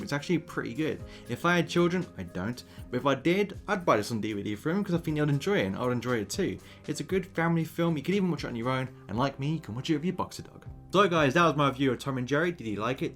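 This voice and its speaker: An English man giving a chatty, animated film review on his own video channel, now and then mocking a posh voice. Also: on the high side. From England.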